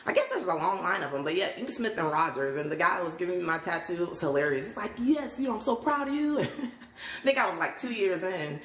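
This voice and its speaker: A woman's voice: fairly low pitch, expressive, fast talker, fairly bright tone, a little hiss or hum. A woman hosting a casual live stream on her phone, chatting openly, laughing often and greeting viewers. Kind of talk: casual livestream chat. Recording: roomy echo.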